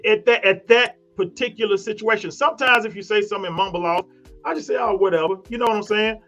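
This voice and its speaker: A man with a high voice argues defensively on a live panel, slipping into quoted voices to act out what he said. The sound is dull and lo-fi, like a streamed broadcast. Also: fast talker, a bit bright, faint music behind. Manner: defensive, acts out his own quotes. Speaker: guest on live show. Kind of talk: heated panel debate.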